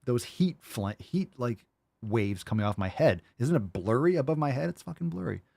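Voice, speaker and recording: A man's voice: mid-range voice, expressive, normal speed, creaky, darkish tone, no room sound, studio quality. A man hosting a live call-in podcast, answering listener questions in a loose, rambling way, swearing freely and filling his talk with "like" and "you know.". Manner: loose, rambling and profane, with many fillers.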